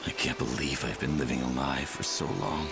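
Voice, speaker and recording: An actor playing an older man in a video game who recovers painful memories of his lost family, deep and gravelly. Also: fairly even intonation, fairly quick. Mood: grieving. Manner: cheerful at first, then sorrowful and resolute. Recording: game audio over clear music.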